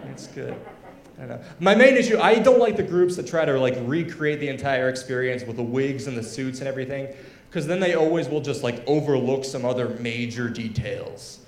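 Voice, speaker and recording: Stand-up comic in an echoey room. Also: male voice, medium pitch, animated, moderate pace. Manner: conversational, lots of fillers and asides. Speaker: stand-up comedian. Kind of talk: stand-up comedy set.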